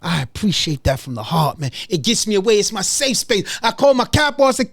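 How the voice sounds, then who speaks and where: A middle-aged man with a fairly high voice talks straight to his listeners on his own podcast. He comes back to the same phrases again and again for emphasis. The sound is dry and close, from a small studio. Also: sing-song, brisk, hardly any pauses, fairly bright tone, no room sound. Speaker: podcast host. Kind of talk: solo podcast monologue.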